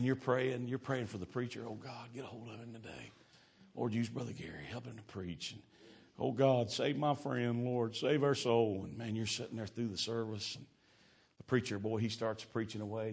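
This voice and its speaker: A man's voice: mid-range voice, breathy edge. A middle-aged man preaching an evangelistic sermon, folksy and exclamatory, telling stories and acting out the voices in them.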